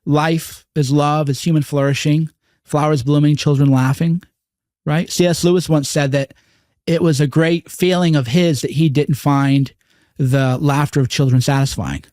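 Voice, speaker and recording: A man's voice: on the high side, fairly even intonation, normal speed, darkish tone, dry recording. Earnest, profane man, dry studio sound. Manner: earnest, profane, mimics voices in quotes. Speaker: guest. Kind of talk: candid interview conversation.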